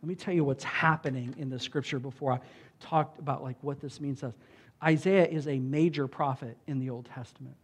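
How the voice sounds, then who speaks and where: A man giving a sermon as a pastor. He talks in a loose, conversational way, often saying "like" and "right?", and gets loud and emphatic when he reads scripture aloud. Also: medium pitch, fairly even intonation, a little fast, husky. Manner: conversational preaching with frequent "like" and "right?".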